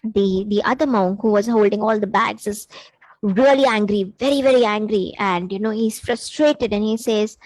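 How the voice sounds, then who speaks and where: A woman with a medium-pitched voice speaks at a moderate pace on a low-quality recording with no echo. She is an intuitive coach hosting a live-streamed workshop, talking earnestly and with lots of fillers while inviting viewers to write in.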